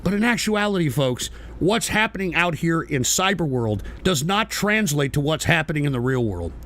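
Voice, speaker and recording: A man's voice: fairly high pitch, very animated, moderate pace, fairly bright tone. A man hosting a live political stream, talking in a heated, profane rant aimed at his chat viewers.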